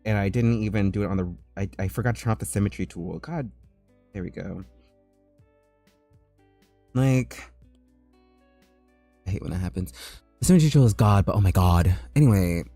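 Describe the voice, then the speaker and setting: A man chatting on a casual livestream while he draws, loud and jokey, full of "like" fillers. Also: fairly low pitch, normal speed, long pauses, no echo, faint music behind. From United States. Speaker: livestreaming artist.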